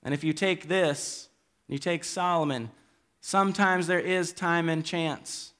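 Earnest male pastor, fairly high-pitched voice, halting sermon delivery that pleads with the congregation. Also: steady tone, a bit bright. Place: church hall.

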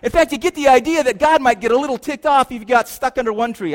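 A man preaching a sermon to a congregation, playful and animated, moving between hushed, slow lines and loud, excited ones. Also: extremely high pitch. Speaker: pastor.

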